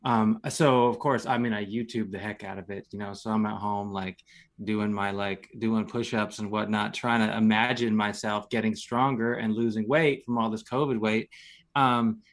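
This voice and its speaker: A man's voice: lowish voice, little pitch movement, normal speed. A man in his thirties, a guest in casual chat, telling stories in a laid-back, rambling way full of fillers.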